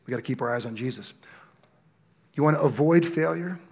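A pastor, a man, preaching a sermon with personal stories that build into loud, impassioned exhortation. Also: on the high side, fairly quick, breathy edge.

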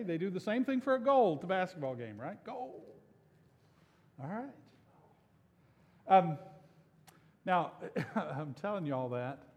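A man's voice: on the high side, a little mellow, big-room sound. A male pastor giving a conversational, joking sermon that coaxes his congregation to join in. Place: church sanctuary.

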